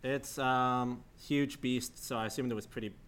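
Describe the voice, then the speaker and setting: A joking man with a bright voice at the game table. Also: medium pitch, steady tone, normal speed, slight background noise. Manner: joking, laughs often. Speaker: player. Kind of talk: casual tabletop game chat.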